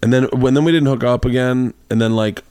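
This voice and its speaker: A man's voice: medium pitch, steady tone, fairly quick, a little mellow, clear, resonant tone, no echo. A man hosting a podcast, telling a long rambling anecdote in casual chat and acting out the quoted lines. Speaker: podcast host. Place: home studio.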